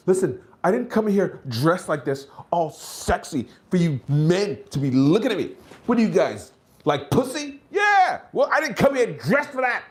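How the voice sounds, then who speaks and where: A man doing a stand-up comedy set, acting out characters in high shouted voices and dropping to low mutters between bits. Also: big pitch swings, moderate pace.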